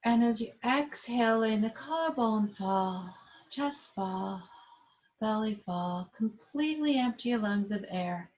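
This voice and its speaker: A woman yoga instructor leading a class over a webcam, giving calm, slow guided instructions. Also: fairly high pitch, slight background noise, rough recording.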